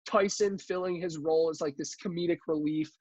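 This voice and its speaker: A man co-hosting a casual podcast, relaxed and quick to laugh. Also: a little high, dry recording. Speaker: podcast co-host. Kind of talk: casual chat. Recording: dry, dull lo-fi mic.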